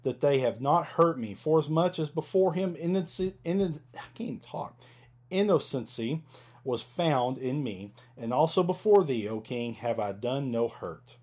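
A man's voice: mid-range voice, expressive, normal speed, a little mellow, natural voice. A man voicing a faithful male prophet who calls up from a pit, earnest and reassuring, in a Bible teaching. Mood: solemn. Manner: earnest, reassuring, plain modern paraphrase.

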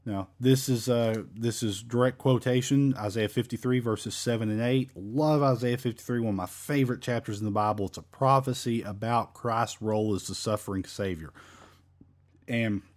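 A man's voice: mid-range voice, moderate pace. Casual rambling male Bible teacher. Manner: casual, rambling, frequent fillers and restarts. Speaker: Baptist preacher. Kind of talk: Bible study sermon. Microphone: home microphone.

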